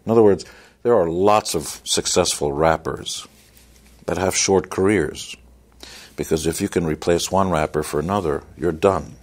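A man's voice: low-pitched, moderate pace. A man giving motivational success advice in a blunt, wisecracking, emphatic way. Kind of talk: motivational talk.

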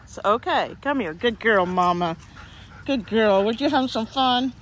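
A woman's voice: on the high side, measured pace, fairly bright tone, slight background noise. A woman fostering dogs, talking casually and cooing coaxing baby talk to puppies in an outdoor yard. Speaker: dog foster carer.

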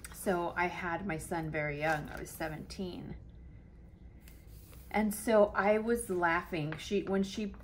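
A woman in her late forties talks to her viewers in a chatty, self-mocking way while she plans. Her voice sits a little low, and a faint hiss runs under the recording. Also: fairly bright tone. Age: 40s. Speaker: planner vlogger. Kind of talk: casual chat to camera while planning.

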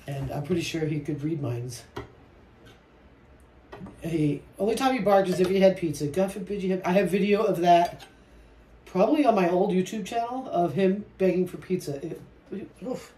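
A woman vlogger chatting casually while she paints, soft-spoken and reflective, often trailing off mid-sentence. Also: fairly low pitch, normal speed. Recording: roomy echo with faint noise.

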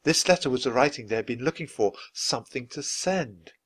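Guy reading a kids chapter book out loud, clear and expressive, lots of ups and downs. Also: medium pitch, a little fast. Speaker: storybook reader. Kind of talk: read-aloud children's book narration.

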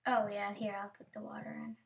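A woman's voice: medium pitch, huge pitch swings, fairly quick. A young woman playing a block-building game alongside a friend, chatty and rambling, often speaking half under her breath. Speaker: co-player. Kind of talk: casual gameplay chat.

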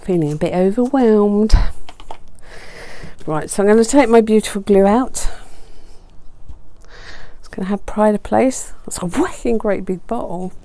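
A woman's voice: mid-range voice, unhurried, pauses often, dark tone, dry recording. A woman chatting casually as she unboxes craft supplies, gushing and exclaiming over each item with chatty asides, on a desk mic close to her chin. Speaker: papercraft vlogger.

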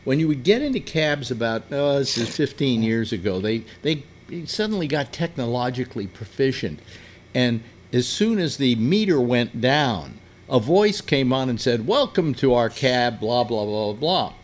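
Chatty man. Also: moderate pace. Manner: rambling, self-interrupting, talks with animated pitch swings. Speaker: host. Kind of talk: casual radio chat.

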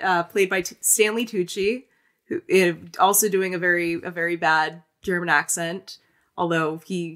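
A woman co-hosting a podcast, chatting casually about a film in an animated, rambling way full of restarts. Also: fairly low pitch. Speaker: podcast co-host. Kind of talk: casual film-review chat.

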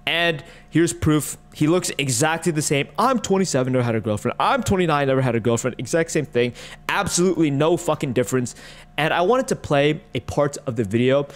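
A man with a fairly high voice rants through a reaction commentary. He is mocking and exasperated, and he swears freely. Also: lively intonation, fairly quick. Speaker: online commentator.

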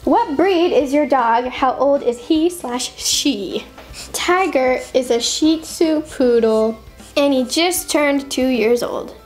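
Young woman, bubbly, giggly, high-pitched, casual vlog chat. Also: slow, soft background music. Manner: bubbly, giggly, reads questions aloud. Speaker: YouTuber answering fan questions.

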